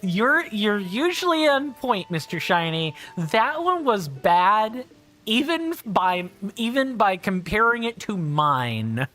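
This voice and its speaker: A woman's voice: medium pitch, sing-song, slow pace, fairly bright tone, faint music behind. A woman streaming a video game from her home office, chatting in a rambling, self-deprecating way. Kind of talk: casual livestream chat.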